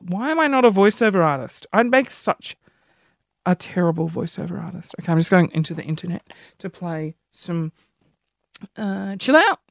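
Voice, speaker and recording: A man's voice: sits high, animated, moderate pace, gravelly, a bit bright, no echo, studio quality. A young man hosting a podcast alone, rambling in a chatty, self-mocking way. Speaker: podcast host. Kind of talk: solo comedic podcast chat.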